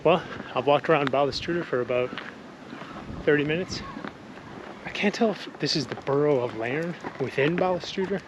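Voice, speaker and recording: A young man vlogging casually outdoors on a windy coast, rambling enthusiastically in relaxed slang. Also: medium pitch, muffled recording. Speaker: travel vlogger. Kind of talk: casual travel vlog. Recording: wind noise on the mic.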